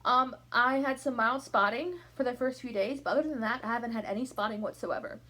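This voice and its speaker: A woman's voice: a little high, a little fast, pushed and bright. A young woman chatting to camera from her room at night, a little out of breath, rambling from topic to topic. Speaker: vlogger. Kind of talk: casual chat to camera. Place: bedroom at home, at night.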